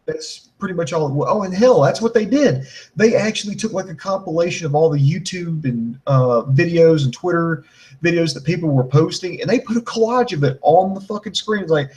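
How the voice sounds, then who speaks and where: Male co-host, 40s, loose and profane, talks in runs with lots of restarts, voice sitting a bit high. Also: fairly quick, rough recording. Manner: animated, profane, rambling, acts out mocking voices. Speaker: wrestling show co-host. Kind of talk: casual podcast chat.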